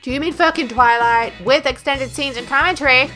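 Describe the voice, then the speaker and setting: A woman's voice: high voice, brisk, sharp tone, pitched above the performer's own voice, poor audio. A woman voicing a nerdy, enthusiastic young woman who gushes eagerly about her favorite books, over faint music. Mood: gushing. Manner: eager, gushing.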